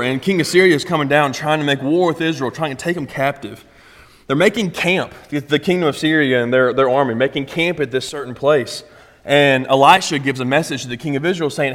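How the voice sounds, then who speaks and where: A man preaching a sermon in a casual, conversational way, often checking in with the congregation. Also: medium pitch. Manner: conversational, asks the congregation "right?". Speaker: pastor. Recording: long reverb in a hall.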